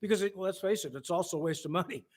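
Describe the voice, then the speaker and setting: A man's voice: high voice, fast talker. A man who is a state senator, explaining procedures matter-of-factly as a guest in a political interview.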